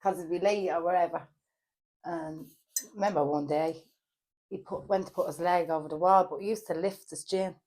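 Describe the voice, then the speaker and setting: Podcast guest: woman, Dublin accent, lower register, halting and filler-heavy, perks up for anecdotes. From Ireland. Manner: hesitant, many fillers, animated when telling stories. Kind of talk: casual chat.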